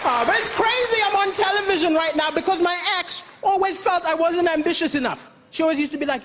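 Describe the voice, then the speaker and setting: Self-mocking comic, high voice. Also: male voice, fast, hardly any pauses, crowd noise. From Malawi. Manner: deadpan, self-mocking, bursts into mock shouting. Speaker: stand-up comedian. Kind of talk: stand-up comedy set. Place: television stage before a live audience. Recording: noisy live stage with audience laughter.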